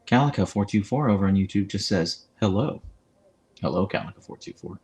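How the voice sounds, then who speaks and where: A man's voice: on the low side, lively intonation, fairly quick, a little mellow. A man hosting a casual livestream from his phone, chatting and reading viewer comments aloud. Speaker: livestream host. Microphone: phone with clip-on mic.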